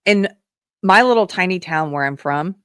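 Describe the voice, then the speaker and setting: A woman from South Carolina hosting a live political commentary show, talking in a sarcastic, emphatic way and quick to scoff. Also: on the low side, lively intonation, fairly bright tone, smooth, dry recording, studio quality. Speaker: show host.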